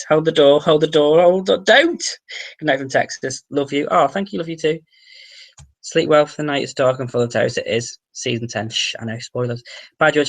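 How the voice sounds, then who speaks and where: A man with a Merseyside accent hosts a relaxed livestream, reading his viewers' comments aloud and replying to each. He talks quickly, his voice has a gravelly fry, and he drops the odd swear. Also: medium pitch. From the Wirral, England. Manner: chatty, reads out viewer comments and answers them, swears casually. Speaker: livestream host.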